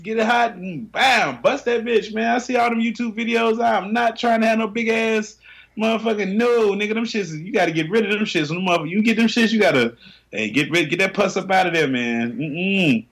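A man's voice: brisk, fairly bright tone, breathy edge. A man co-hosting a casual, crude podcast chat, loose and slangy, often laughing. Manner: loose, slangy, laughing, drops low then jumps high. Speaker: podcast co-host.

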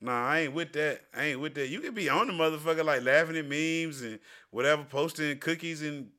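A man's voice: a little high, a little fast, bright, forceful tone. A man co-hosting a podcast in casual, joking banter, often laughing. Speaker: podcast co-host. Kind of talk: casual chat.

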